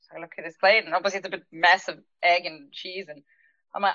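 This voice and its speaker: Lively woman recounting a story, low voice. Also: fast, no echo, lo-fi sound. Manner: lively, laughs often, acts out quoted dialogue. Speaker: restaurant owner telling a story. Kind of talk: anecdotal storytelling on a podcast.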